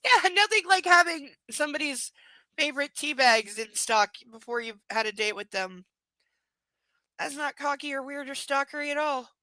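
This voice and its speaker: A woman's voice: high voice, moderate pace, bright, forceful tone, dry recording. Sarcastic woman reading a book aloud. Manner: sarcastic, incredulous asides. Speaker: book reader and commentator. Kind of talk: live reading with commentary.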